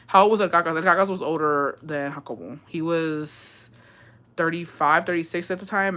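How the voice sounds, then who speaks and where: Young female streamer, bright and sharp-toned, blunt, profane, filler-heavy casual storyteller. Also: sits low, a little fast. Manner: laughs at herself, self-described unserious. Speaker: livestream host.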